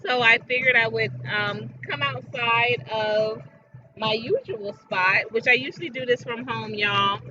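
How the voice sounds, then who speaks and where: Outdoors, a woman hosts a casual livestream, speaking unhurriedly in a voice on the high side. She's chatty and emphatic, addressing viewers directly, though the lo-fi outdoor audio is dull with faint noise.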